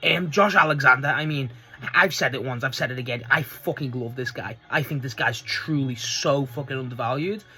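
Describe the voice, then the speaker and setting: A man giving a casual, rambling solo review, excitable and swearing freely. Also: medium pitch, moderate pace, soft background music. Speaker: wrestling show reviewer.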